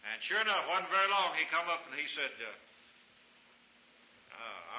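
Fervent preacher with a bright voice. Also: male voice, a little high, big pitch swings, moderate pace, pauses often. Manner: fervent, swings from hushed to shouting. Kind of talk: sermon. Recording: echoey room recording with hiss.

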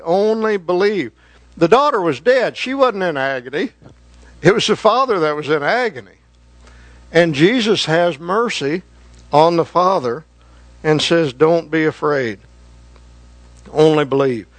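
A man delivers a sermon in a slow, deliberate, earnest way. His voice sits high for a man and climbs higher when he presses a point. The sound is dry and close, with no room around it. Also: fairly bright tone, no echo. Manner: slow, earnest preaching that rises in pitch for emphasis. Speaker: preacher.

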